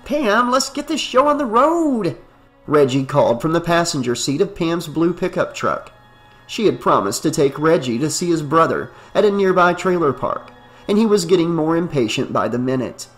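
A man narrating a novel in a steady, even reading voice. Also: on the high side, moderate pace, soft background music. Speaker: audiobook narrator. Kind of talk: scripted narration.

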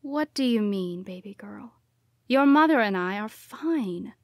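A woman's voice: mid-range voice, expressive, unhurried, darkish tone, dry recording, clean studio sound. A woman voicing a concerned middle-aged father who speaks steadily and reassuringly.

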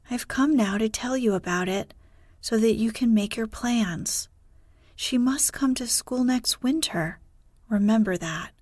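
A woman voicing a kindly old male village pastor in a story, speaking earnestly and gently in a hushed bedtime read. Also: on the high side, no room sound.

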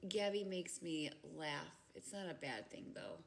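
A woman's voice: sits low, very animated, unhurried, creaky. Giggly, chatty woman livestreaming from home. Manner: giggly, chatty, breaks into loud laughter. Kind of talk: casual livestream chat with viewers. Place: home, indoors.

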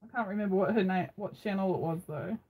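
Husky-voiced Australian woman chatting. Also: medium pitch, fast talker, phone-quality sound. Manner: chatty, rambling, frequent ums. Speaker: craft channel host. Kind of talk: casual live-stream chat. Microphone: phone.

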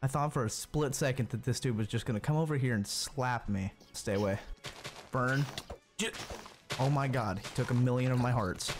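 A man's voice: mid-range voice, normal speed. A man commentating his own gameplay, jumpy and self-mocking, talking to the creatures on screen. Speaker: gaming streamer. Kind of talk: let's play commentary.

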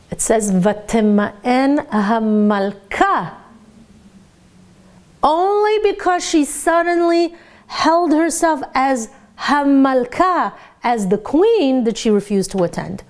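Animated woman giving a lively Torah lecture. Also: a little high. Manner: animated, rhetorical questions, Hebrew terms. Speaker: Torah teacher.

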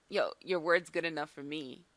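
A young woman hosting a gaming video in casual chat, excitable, swearing and saying "like" a lot. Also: low voice, slow, dry recording. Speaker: gaming channel host.

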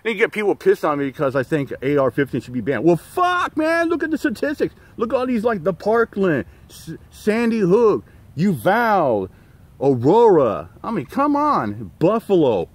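A man's voice: on the high side, very animated, moderate pace, breathy edge, no room sound. A middle-aged man hosting his own channel, ranting in a profane, rambling way with many fillers and restarts. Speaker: channel host. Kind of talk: rambling livestream rant.

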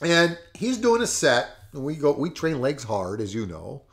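Animated man telling a story. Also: medium pitch, normal speed. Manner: animated, emphatic, laughs often. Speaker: podcast host and fitness coach. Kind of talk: casual storytelling.

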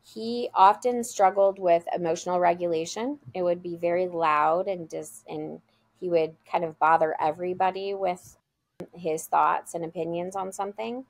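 A woman guest on an interview show speaks with a fairly low voice and plenty of vocal fry. She tells her story in an earnest, heartfelt way. She sounds like she is talking over a video call. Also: steady tone, moderate pace, no echo. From USA. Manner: earnest, heartfelt anecdote-telling. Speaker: school leader, guest.

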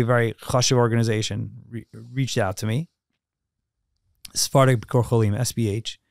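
A man's voice: mid-range voice, clear, resonant tone, no room sound, studio quality. A man who is a podcast guest, telling an emotional personal story emphatically, with many repeated words.

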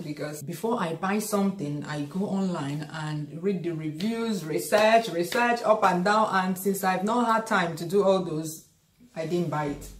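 Nigerian lady cooking vlogger, lowish voice, laughs a lot, roomy kitchen sound. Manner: chatty, laughs often, animated storytelling. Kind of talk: casual cooking demonstration and storytelling. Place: home kitchen.

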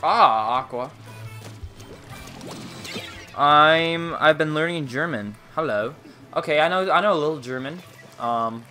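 A man's voice: on the high side, a little slow, long pauses, pushed and bright, soft background music. A young man chatting casually with his viewers while he plays, joking and rambling between matches. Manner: joking, rambling, talks to chat while playing. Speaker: gaming livestreamer. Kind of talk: casual gaming livestream chat.

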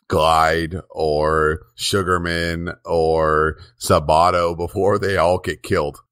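A man with a low, deep voice talks through a TV episode on a podcast. He keeps the recap brisk and casual and laughs often. The sound is dry and close. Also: little pitch movement, a bit bright, clean tone, no room sound. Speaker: podcast co-host.

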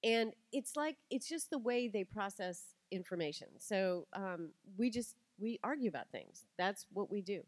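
A middle-aged woman tells stories to a live audience and acts out each quoted line with energy. Her pitch sits in a medium range, and the recording is dry and close. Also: moderate pace, few pauses, dry recording. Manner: animated storytelling, acts out quotes. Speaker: speaker giving a talk. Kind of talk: lively talk to an audience.

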